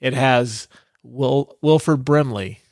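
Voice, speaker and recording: A man's voice: mid-range voice, takes it slowly, no room sound, studio quality. A man hosting a casual podcast chat, teasing his guest with profane banter. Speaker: podcast host.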